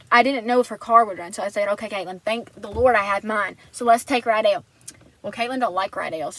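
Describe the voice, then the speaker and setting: Bright-voiced woman telling a personal story. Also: on the high side, no echo, low-quality recording. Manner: earnest, rambling, many restarts. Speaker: vlogger.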